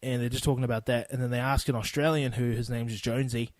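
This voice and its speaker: A man's voice: medium pitch, steady tone, a little mellow, no echo. Laid-back New Zealand man, dry sound. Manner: loose and profane, rambling with quick asides. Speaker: podcast host. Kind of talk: casual solo podcast chat.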